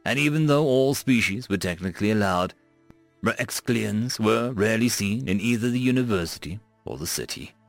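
A male narrator reading a space story with a lively, wide-ranging delivery at a middle pitch. The recording is dry and close, with faint music playing underneath. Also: gravelly, no echo. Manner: animated storytelling.

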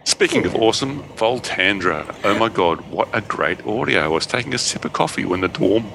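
A man's voice: on the low side, animated, fairly quick, creaky, bright, forceful tone, a little hiss or hum. A man co-hosting a gaming podcast, reading a listener email aloud with frequent laughter. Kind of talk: casual chat.

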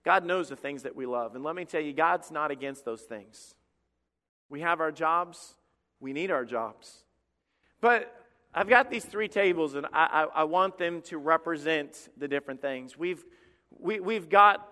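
A man's voice: on the high side, bright, forceful tone, big-room sound. A pastor preaching a sermon in a church, emphatic and driving his points home through repetition. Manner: emphatic preaching, repeats key phrases. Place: church sanctuary.

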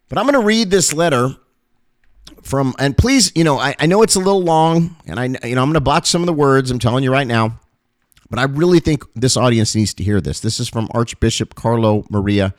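A man who is a pastor, giving an impassioned on-air talk, urgent and emphatic, repeating phrases and surging into loud, high calls. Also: no room sound, clean studio sound.

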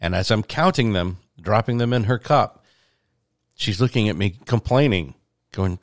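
Deep-voiced man, dry sound. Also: lively intonation, moderate pace, dry recording. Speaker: co-host. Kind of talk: casual chat.

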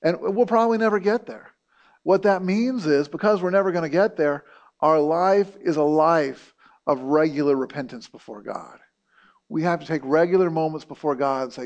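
Middle-aged guy preaching, chatty sermon style, kinda high voice, lots of um and you know. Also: brisk, a little mellow. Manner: conversational, many fillers and restarts. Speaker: pastor.

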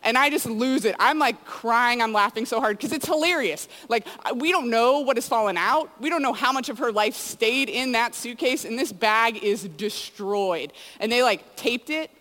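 A youth speaker delivers a casual sermon to students, her fairly high, fairly bright voice moving at a moderate pace with few pauses. She tells stories chattily, sprinkling in plenty of "like" and "you know." The recording carries a long hall reverb.

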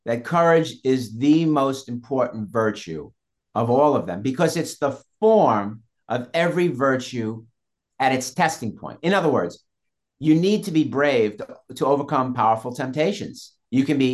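A man as an interview guest, talking earnestly and emphatically about faith and repeating phrases for force. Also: medium pitch. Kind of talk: interview talk on Catholic faith.

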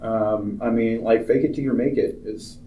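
A man's voice: mid-range voice, steady tone, moderate pace. Man, casual film chat, rambling, lots of fillers, distant mic, echoey room, noisy background. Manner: rambling, full of "like" and "you know". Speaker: film programmer and podcast co-host.

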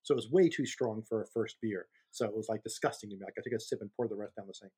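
A man's voice: fairly low pitch, quick pace, mellow, breathy edge. Podcast co-host, male, 50s, loose rambling storyteller, easy laugh. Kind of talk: casual chat.

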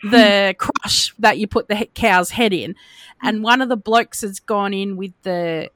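A woman's voice: mid-range voice, measured pace, dry recording. A young Australian woman, a nurse, telling funny work stories in casual chat and laughing through them. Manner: animated, laughing as she tells stories.

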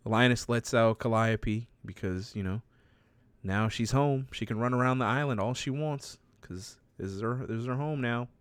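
A man's voice: medium pitch, normal speed, clean tone, no room sound. A man casually recapping a story and acting out the characters' lines, laughing often as he talks.

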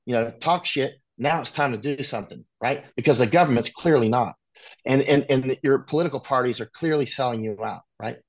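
An American man, a war correspondent guest, talking bluntly in a casual conversation, with frequent restarts and animated asides. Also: mid-range voice, a little fast. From United States.

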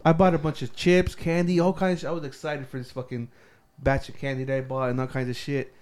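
A man's voice: medium pitch, level tone, fast talker, a crowd in the background. A young man telling a story animatedly in casual podcast chat, swearing often. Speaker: podcast co-host.

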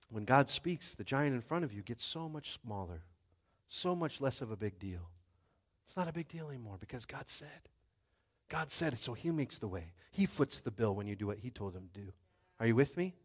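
A man preaching a rousing sermon, swinging from hushed asides to shouted climaxes. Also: mid-range voice, expressive, normal speed, husky. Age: adult with a young child. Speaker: pastor.

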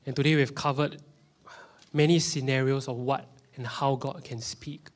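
In a church hall, a pastor in his thirties delivers a sermon in Singaporean-accented English at a moderate pace and a mid-range pitch. His manner is animated, with occasional dips into a whisper to drive a point home.

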